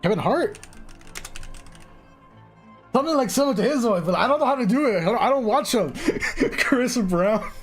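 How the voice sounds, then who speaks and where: A man's voice: very high-pitched, expressive, fairly quick, pauses often, slightly rough, soft background music. A young man streaming a game, chatting casually, rambling and laughing at himself. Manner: laughs often, rambling and self-mocking. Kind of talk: casual live-stream chat.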